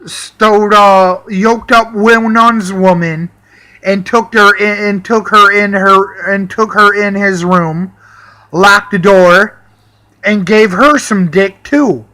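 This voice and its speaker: A vlogger with a high voice and a steady, sharp tone rants angrily about people who stayed in his home. He swears heavily, and his delivery is heated and drawn out.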